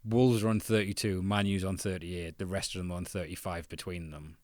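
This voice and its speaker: Lower-voiced man, jokey podcast chat. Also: little pitch movement, brisk, darkish tone, no echo, clean studio sound. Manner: laughs often, jokey and rambling, drifts into mocking impressions. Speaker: podcast co-host. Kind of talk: casual football chat.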